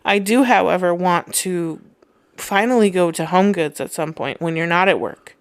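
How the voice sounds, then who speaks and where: A woman's voice: on the low side, moderate pace, no room sound. A young woman hosting a podcast in casual chat, reading listener comments aloud and laughing often. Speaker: podcast host.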